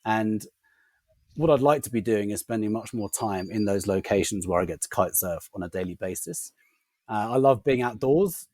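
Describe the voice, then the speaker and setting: Podcast guest with a non-rhotic, R-dropping accent. Man, mellow tone, pitch swings widely. Dry room. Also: normal speed, dry recording. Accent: non-rhotic English, drops R sounds. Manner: animated, laughing anecdote teller. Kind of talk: casual storytelling chat.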